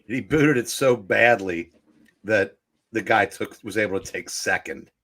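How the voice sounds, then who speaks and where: A man chatting casually on a live stream, ranting in an animated, exasperated way like a frustrated sports fan. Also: on the low side, measured pace.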